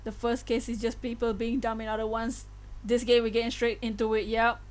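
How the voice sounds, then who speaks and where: A woman's voice: fairly high pitch, flat delivery, fairly quick. A woman streaming a game live, chatting and giggling through her reactions. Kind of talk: live gameplay commentary.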